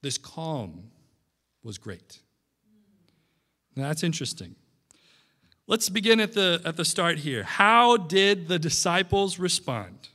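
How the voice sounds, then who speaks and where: A man's voice: high voice, expressive, takes it slowly, pushed and bright. A young man preaching a sermon in a church, in a conversational style with frequent "right?" asides. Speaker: pastor. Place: church sanctuary. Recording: long church hall reverb.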